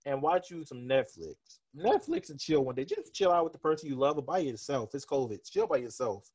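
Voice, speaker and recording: A man co-hosting a casual podcast, talking in an animated, joking way and laughing often. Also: fairly high pitch, brisk, breathy edge, no room sound, clean studio sound. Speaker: podcast co-host.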